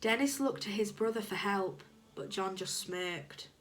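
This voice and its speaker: A woman reading a children's book aloud to young listeners, animated and expressive. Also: medium pitch, unhurried.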